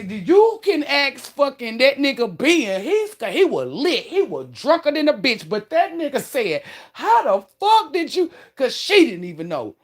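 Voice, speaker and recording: A woman telling a profane, animated story straight to her viewers, calling them "y'all" and "baby", with emphatic outbursts. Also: on the high side. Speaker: online creator.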